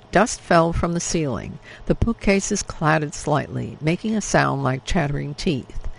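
A man narrating an audiobook with steady, measured delivery. His voice sits a touch high for a man and carries a gravelly fry. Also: low-quality recording.

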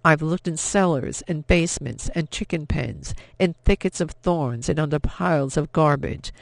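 A frightened German officer, played by the male narrator speaks in clipped, formal phrases. His voice is gravelly and a little high, with tension under it. The sound is close and dry. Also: normal speed, dry recording. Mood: agitated. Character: frightened German army captain, man, drinking.

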